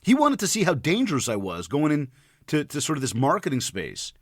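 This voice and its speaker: A man of about forty, a podcast host, telling an animated story and often repeating words as he gets worked up. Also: fairly high pitch, fairly quick, dry recording, studio quality. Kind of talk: storytelling monologue.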